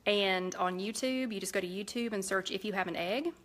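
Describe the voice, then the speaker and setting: A woman's voice: mid-range voice, a little fast, fairly bright tone. A woman with a Southern US accent talks her way through a live cooking stream. Her chatter is loose and rambling as she cooks and plates food. She sounds like she is in a home kitchen. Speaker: cooking show host. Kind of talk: casual live-stream chat.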